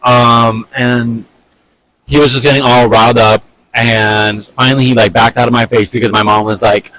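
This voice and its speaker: Young man telling an animated, fed-up story. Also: medium pitch, moderate pace, slight background noise, low-quality recording. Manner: animated, fed-up retelling full of fillers and swearing. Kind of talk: casual storytime vlog.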